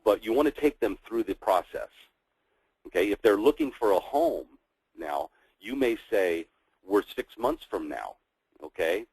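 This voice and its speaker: A man's voice: lowish voice, lively intonation, normal speed, darkish tone, breathy edge, no echo, poor audio. A middle-aged man teaching a sales training session, walking through scripts in an instructive way with frequent fillers. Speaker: sales coach.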